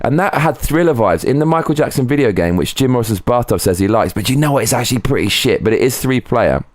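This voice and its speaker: A man's voice: medium pitch, lively intonation, fast talker, no echo. A man streaming live from home, chatting casually, rambling and swearing as he goes. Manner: rambling, swearing, breaks into sung snatches. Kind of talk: casual livestream chat.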